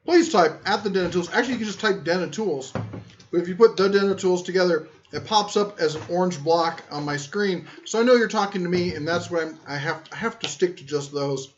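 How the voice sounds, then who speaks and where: Talking a little fast, a high-voiced tool channel host rambles through a casual live stream, reading chat and joking at his own expense. The sound is muffled and lo-fi, as if from a cheap mic, with slight background noise.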